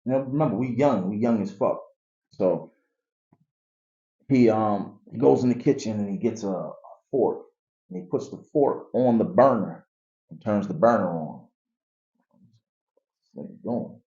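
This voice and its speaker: A man telling his life story in a casual interview, animated and acting out the people in it. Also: lowish voice, measured pace, long pauses. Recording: echoey, dull room recording.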